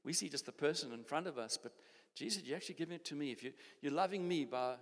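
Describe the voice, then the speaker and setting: The church hall's long reverb follows each phrase as an older South African pastor preaches fast to his congregation. He pitches his voice somewhat high for a man, repeats phrases for emphasis, and often starts his sentences over in this sermon.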